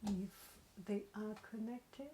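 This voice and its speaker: A woman casually demoing a new microphone, drifting between quiet speech and whispers. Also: medium pitch, steady tone, slow, slight background noise. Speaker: vlogger unboxing and testing a microphone. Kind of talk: casual demo with soft whispering. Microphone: testing a new desktop microphone.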